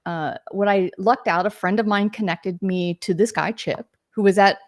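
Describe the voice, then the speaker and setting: Here a games marketer in her forties, a guest on a podcast, tells her career story casually, drifting into tangents and using fillers. Her mid-range voice has fairly even intonation and normal speed, captured in studio quality without room sound.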